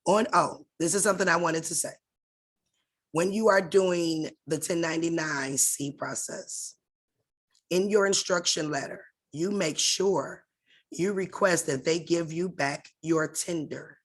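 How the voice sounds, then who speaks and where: Low-voiced woman teaching an online class. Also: measured pace. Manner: direct, conversational, addresses listeners as y'all. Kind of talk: casual instructional talk.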